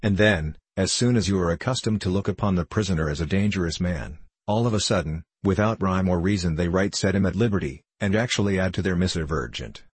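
A man's voice: low-pitched, a little fast, few pauses, husky, dry recording. A man voicing a self-satisfied, grumbling middle-aged prison governor in an audiobook, long-winded and complaining. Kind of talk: audiobook dialogue reading.

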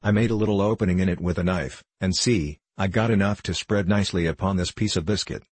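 A bookish young know-it-all from an old family adventure tale, as a man reads his part. He explains himself earnestly and insistently, in a deep voice with a bit of rasp. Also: quick pace, a little mellow, no room sound.

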